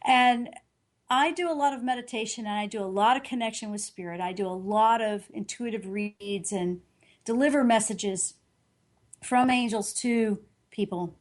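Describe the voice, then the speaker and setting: A middle-aged woman talks as a guest in an interview. Her voice sits a little high, and she tells her story earnestly and animatedly. She often restarts and corrects herself as she goes. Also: moderate pace. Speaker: guest, intuitive reader.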